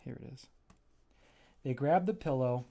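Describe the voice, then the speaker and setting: A man's voice: medium pitch, measured pace, creaky, dark tone. Chatty man walking through his story. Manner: enthusiastic, rambling and self-interrupting. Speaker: graphic novel creator on a livestream. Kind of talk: casual livestream walkthrough.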